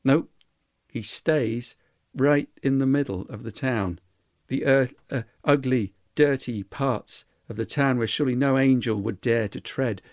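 A male storyteller telling a folk tale at an unhurried pace, earnest and conversational, with homely asides. The recording is dry and close, without room sound. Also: medium pitch, dry recording. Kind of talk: oral storytelling.

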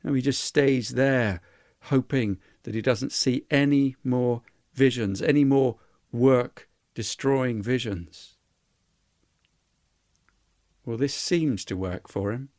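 A male storyteller telling a folk tale at an unhurried pace, earnest and conversational, with homely asides. The recording is dry and close, without room sound. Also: mid-range voice, a little mellow, no echo. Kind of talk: oral storytelling.

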